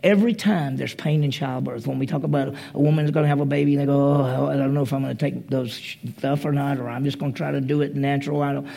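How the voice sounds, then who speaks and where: A man preaches a conversational sermon, retelling a story and slipping into its voices. His voice is gravelly and husky, sitting a little high for a man. The tone stays dark and mellow. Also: steady tone, quick pace, few pauses.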